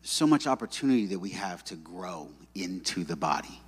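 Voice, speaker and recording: A man's voice: deep voice, big pitch swings, moderate pace, breathy edge. A man preaching a sermon in a church, in a conversational, joking storyteller manner. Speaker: pastor. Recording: long reverb in a hall.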